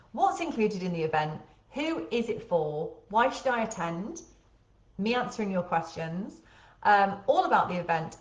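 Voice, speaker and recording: A woman with a light Birmingham accent hosting a casual live webinar, chatty and full of ums. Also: mid-range voice. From Birmingham, England. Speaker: host. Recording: echoey room.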